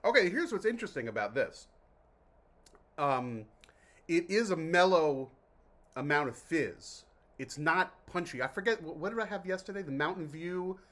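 Male vlog host from New Jersey, slightly high voice, loose jokey rambling delivery. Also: a bit bright. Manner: chatty, jokey, self-interrupting. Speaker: vlog host reviewing mineral water. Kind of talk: casual rambling vlog talk.

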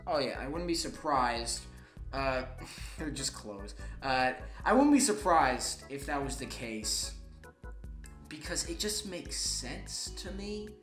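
A laid-back man giving wry, casual reaction commentary. His voice swings lively in pitch, and the room sounds echoey with faint music behind. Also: slow. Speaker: reaction video host.

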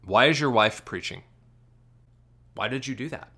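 A man giving commentary on a clip, asking sarcastic rapid-fire questions. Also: mid-range voice, animated, pushed and bright, slightly rough.

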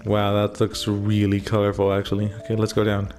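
A man's voice: lowish voice, monotone, brisk, darkish tone, soft background music. A man giving laid-back, joking commentary while playing a video game. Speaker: gaming streamer. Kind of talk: casual let's-play commentary.

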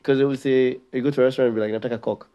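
A man's voice: mid-range voice, fairly even intonation, racing, clear, resonant tone, dull audio. A man, co-hosting a podcast in casual joking banter. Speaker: podcast co-host. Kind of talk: casual chat.

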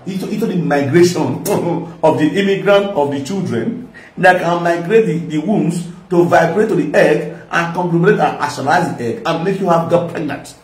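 A man's voice: fairly high pitch, recorded from a distance. A man with a Nigerian accent giving a mocking, rambling reaction commentary, laughing often. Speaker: social media commentator. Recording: echoey room, voice from off-mic.

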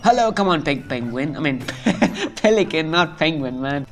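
A gameplay host giving excitable, chatty let's play commentary and talking to the game's creatures. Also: mid-range voice, moderate pace, faint music behind.

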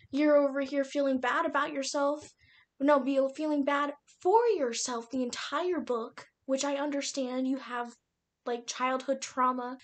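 A young woman with a high-pitched voice rants about a book she just read, exasperated and animated. She draws her words out slowly and breaks into laughter between mocking impressions of the characters. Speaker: book reviewer. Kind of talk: casual ranting book review.

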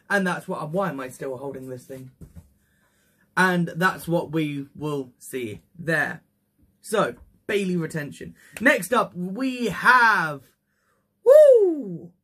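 Slow-talking excitable young man. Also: fairly high pitch. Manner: excitable, swears freely, whoops with hype. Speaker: wrestling predictions vlogger. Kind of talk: casual predictions monologue.

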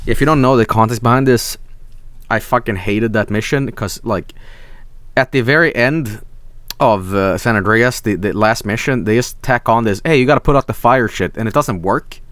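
A man's voice: on the low side, normal speed, fairly bright tone, no room sound. A man streaming casually, reading out fan art and chat, rambling, swearing freely and breaking into silly voices.

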